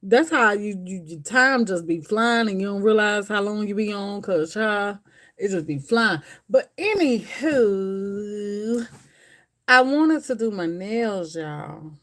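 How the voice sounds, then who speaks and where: A woman's voice: medium pitch, lively intonation, slow, a bit bright. A woman hosting a casual livestream, chatting and rambling straight to her viewers. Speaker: livestream host. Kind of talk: casual chat with live viewers.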